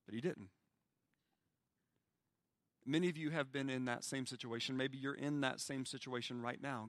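A man preaching a sermon as pastor, swinging from loud pleading lines to hushed, quiet ones. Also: medium pitch, normal speed, long pauses, dry recording, clean studio sound.

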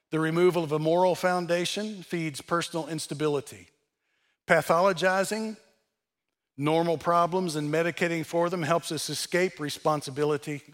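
Older male speaker, slightly high voice, blunt sermon-style delivery with dry sarcasm.

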